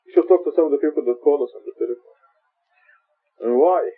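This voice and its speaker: A husky man teaching a study group in a loose, chatty way, acting out quoted dialogue and laughing between points. The sound is thin and tinny, like an old lo-fi tape. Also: fairly high pitch, soft background music. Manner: laughs often, quotes dialogue, halting with fillers. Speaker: teacher leading a Quran study. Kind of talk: informal religious teaching talk.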